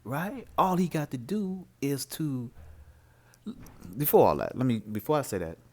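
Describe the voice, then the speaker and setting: A man preaches informally. His pitch swoops up and down with lively emphasis, and he keeps asking rhetorical questions as he drives his point home. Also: normal speed. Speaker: religious commentator.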